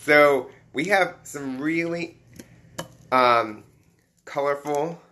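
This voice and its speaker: A man chatting casually on a live stream as he unboxes collectible toys, excitable and chatty, greeting viewers by name. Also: fairly high pitch, extremely slow, a little hiss or hum.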